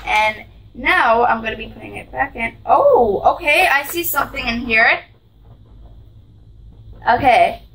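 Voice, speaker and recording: Female vlogger for a gift unboxing: high voice, gushing and sweet, sitting a bit back from the mic. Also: fairly bright tone, distant mic, slight background noise, poor audio. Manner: gushing, sweet, describes each item aloud.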